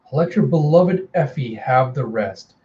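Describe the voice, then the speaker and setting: A slow, mock-tender vampire queen, as a man reads her out, looming over a captive in a comic story. the voice is mellow and low-key, and the home recording sounds a little muffled. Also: animated, lightly acted. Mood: menacing. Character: commanding ancient vampire matriarch, woman.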